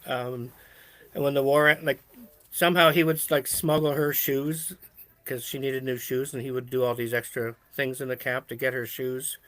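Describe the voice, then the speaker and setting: A man's voice: medium pitch, little pitch movement, normal speed, fairly bright tone. A man in casual chat with friends, telling a rambling story with lots of fillers. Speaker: show co-host.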